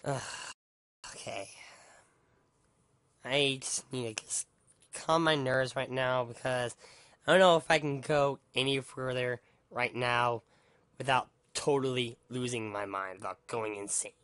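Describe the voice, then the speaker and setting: A man's voice: mid-range voice, a little slow, long pauses, fairly bright tone, smooth, no room sound. A man ranting angrily into the camera, swearing a lot and tripping over his words with repeated restarts. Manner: heated, profane, stammering restarts. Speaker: vlogger. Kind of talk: angry rant monologue.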